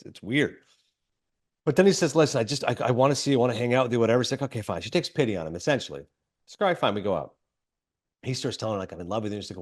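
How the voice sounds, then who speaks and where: A man hosting a film podcast, casually retelling a movie plot with lots of fillers and quick quoted asides. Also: mid-range voice. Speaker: podcast host.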